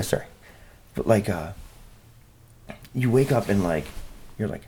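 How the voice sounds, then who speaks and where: A man's voice: fairly low pitch, animated, moderate pace, pauses often, darkish tone, a little hiss or hum. A man hosting a solo podcast, rambling and swearing in a self-deprecating, casual way. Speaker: podcast host.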